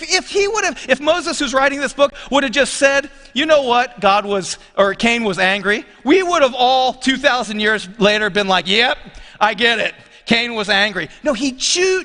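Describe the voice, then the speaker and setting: A man's voice: very high-pitched, sharp tone, big-room sound. A man preaching a sermon as pastor, talking conversationally and questioning his congregation. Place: church sanctuary.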